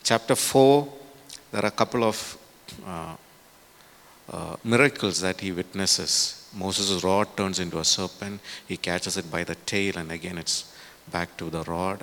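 A man's voice: low-pitched, unhurried, a bit bright. A man preaching a sermon in a conversational way, with many fillers and tag questions.

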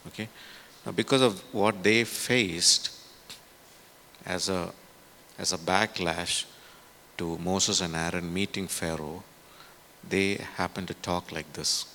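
A man's voice: low voice, fairly even intonation, slow, long pauses, pushed and bright, a little hiss or hum. A man preaching a sermon in a conversational way, with many fillers and tag questions.

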